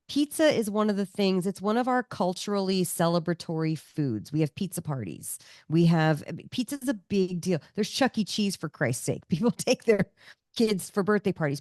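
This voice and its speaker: A woman guest on a podcast, a comedian and cookbook author, telling stories in an animated, emphatic way. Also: fairly low pitch, dry recording, clean studio sound. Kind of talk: casual interview chat.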